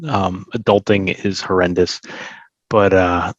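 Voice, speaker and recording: A man's voice: deep voice, little pitch movement, measured pace, no echo, highs cut off. A man hosting a podcast, talking in an upbeat, chatty, rambling way. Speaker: podcast host. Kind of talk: casual podcast chat.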